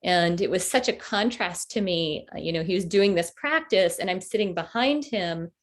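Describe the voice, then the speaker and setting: A woman in her forties, telling a personal story with halting, heartfelt pauses and fillers as a workshop presenter on a video call. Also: fairly low pitch. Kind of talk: storytelling talk to an online group.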